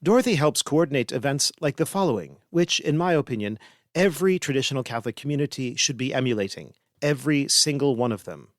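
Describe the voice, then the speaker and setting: A man hosting a podcast, reading essays aloud in a measured, formal way. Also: medium pitch, lively intonation, dry recording, clean studio sound. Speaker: podcast host.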